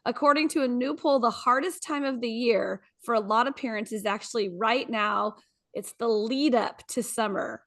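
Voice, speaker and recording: A woman's voice: a little high, normal speed. A woman co-hosting a morning show, chatting casually in a bubbly, giggly way. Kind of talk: casual chat.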